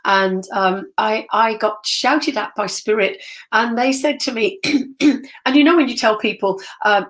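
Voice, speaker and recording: A middle-aged woman from England, a spiritual medium telling her story casually to a live online audience, rambling and excitable with frequent ums and self-corrections. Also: on the high side, moderate pace.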